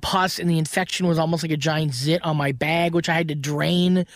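High-voiced man telling crude stories. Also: a little fast, dry recording, clean studio sound. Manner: frank, crude, animated storytelling. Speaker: podcast host. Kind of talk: casual comedic podcast chat. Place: recording studio. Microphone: studio microphone.

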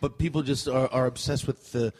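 A man's voice: mid-range voice, steady tone, fairly quick, darkish tone. A middle-aged man co-hosting a podcast, telling stories in a rambling way with frequent laughter. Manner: rambling storyteller, laughs often. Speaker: podcast co-host. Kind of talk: casual chat.

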